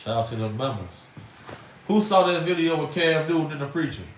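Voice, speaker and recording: A man's voice: a little high, lively intonation, a little fast. A middle-aged man, hosting a livestream in an emphatic, rambling, slangy way. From Chicago. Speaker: livestream host. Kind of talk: casual livestream talk. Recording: roomy echo, far from mic, faint noise.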